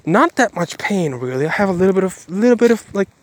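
Rambling earnest man vlogging, slightly high. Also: sing-song, fast talker. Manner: rambling, self-correcting, earnest. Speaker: Christian vlogger. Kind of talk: casual daily vlog.

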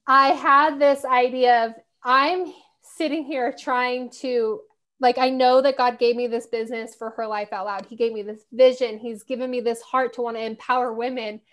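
A woman's voice: a little high, steady tone, moderate pace, a bit bright. A woman in her thirties hosting a casual faith podcast, talking in an earnest, candid way with many filler words. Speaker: podcast host.

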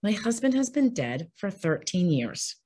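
A woman's voice: mid-range voice, very animated, unhurried, mellow, husky. A woman interviewed as an author, speaking candidly and earnestly in a heartfelt, open conversational way. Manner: earnest, heartfelt, speaks openly about grief.

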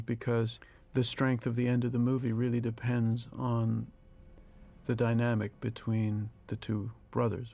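An older man talks through a film in a calm director's commentary, measured and reflective, pausing to pick his words. His voice stays low and level, with hardly any rise or fall, and a gravelly edge runs through it. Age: 60s. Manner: reflective, measured, with pauses and restarts. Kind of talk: audio commentary.

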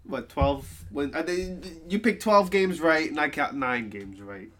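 A man co-hosting a casual sports podcast, talking through football picks in an animated, exasperated way, groaning and loosening up between points. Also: on the high side, unhurried. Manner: animated, groaning and exasperated about his team. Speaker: podcast co-host.

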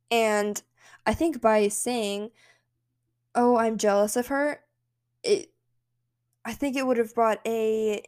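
Young woman, podcast host, casual solo monologue, emphatic, upbeat, fairly high voice. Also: a little mellow. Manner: chatty, emphatic, self-encouraging.

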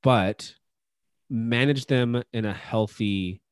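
A man's voice: mid-range voice, slow pace, smooth, no room sound. A man chatting casually on a podcast, rambling a little with lots of fillers and restarts. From Austin, Texas. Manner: relaxed, rambling, many fillers. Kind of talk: casual chat.

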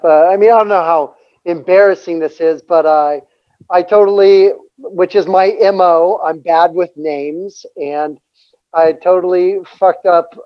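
High-voiced man on dull lo-fi audio. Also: dry recording. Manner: rambling, self-deprecating anecdote. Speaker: actor. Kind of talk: casual interview chat.

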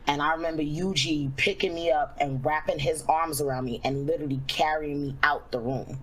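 Low-voiced young woman, candid storytelling. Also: steady tone, low-quality recording. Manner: casual, heavy fillers, slows down when reflective. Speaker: streamer.

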